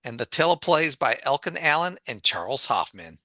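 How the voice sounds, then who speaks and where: A male podcast host with a bright, forward voice that swings lively up and down as he introduces the show and recaps the plot with playful flair. The sound is close and dry. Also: medium pitch, normal speed, no echo. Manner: animated, playfully dramatic.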